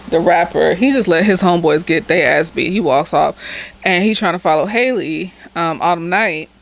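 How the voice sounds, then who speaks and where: A woman's voice: lowish voice, poor audio. A woman therapist, slightly tipsy, giving a casual, blunt and profane recap of a TV episode with chatty asides.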